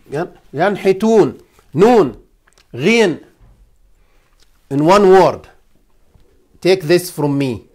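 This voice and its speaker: A man, an imam teaching a class on Quran recitation rules. He repeats phrases, quizzes his students and sounds out letters slowly. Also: sits high.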